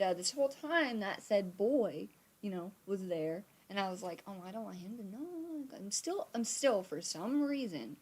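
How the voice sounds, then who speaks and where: A young adult woman telling a story casually on a live stream, acting out quotes and swearing freely. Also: medium pitch. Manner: animated, swearing, acts out quotes. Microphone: streaming from a computer.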